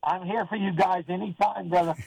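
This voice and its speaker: An older man from Oregon calling into a sports talk show, rambling in a halting, friendly way with lots of fillers and restarts. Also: sits high, fairly even intonation, vocal fry, a little mellow, slightly rough, dry recording, poor audio. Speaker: caller. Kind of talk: casual call-in chat.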